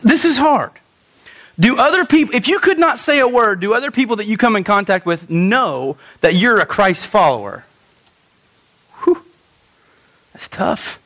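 A young man preaching a sermon as pastor, animated, asking rhetorical questions and acting out quoted lines. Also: high voice, a little slow, long pauses.

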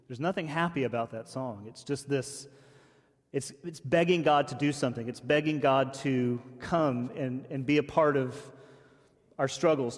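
A man preaching a casual, conversational sermon, often restarting phrases and saying "like" as he goes. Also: mid-range voice. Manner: casual, chatty, many restarts and "like". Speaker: pastor. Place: church hall. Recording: long church reverb.

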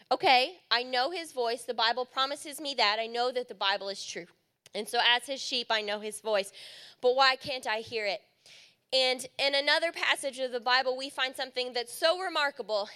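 A woman's voice: high voice, sharp tone, clear, resonant tone. A woman youth leader giving an earnest, encouraging sermon to young people. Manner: earnest and encouraging, rising emphatic phrases.

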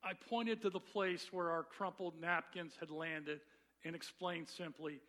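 A man with a notably high voice preaches to his congregation. He is middle-aged and tells his stories earnestly, shifting into the voices of the people he quotes. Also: fairly even intonation, a little slow, fairly bright tone. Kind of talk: sermon.

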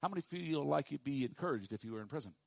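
Preacher man swinging hushed to loud. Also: lively intonation, quick pace, gravelly, no echo. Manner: swings from hushed low emphasis to loud high call-and-response. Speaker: pastor. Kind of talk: sermon.

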